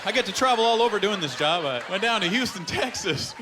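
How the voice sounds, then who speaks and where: Canadian man doing stand-up, lively delivery. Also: high voice, fast talker, background noise. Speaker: stand-up comedian. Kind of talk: stand-up comedy set. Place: comedy club stage. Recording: live stage with loud audience laughter.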